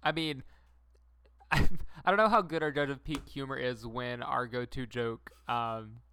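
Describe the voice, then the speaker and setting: A man's voice: medium pitch, fairly even intonation, measured pace, background noise. A man in his twenties co-hosting a podcast, chatting casually, giggling and rambling. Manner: giggly, rambling, drops into silly put-on voices. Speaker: podcast co-host. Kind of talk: casual chat.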